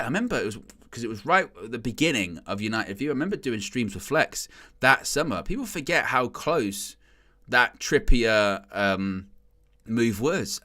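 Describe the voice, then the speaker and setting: A man chatting casually and rambling excitedly about football on a fan channel's live stream, laughing often. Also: lowish voice. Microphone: headset.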